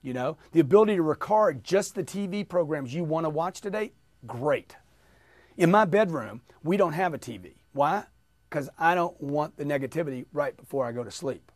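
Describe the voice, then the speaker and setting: A man giving an energetic motivational sales training, coaching listeners to repeat positive phrases after him. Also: a little high, normal speed, no room sound.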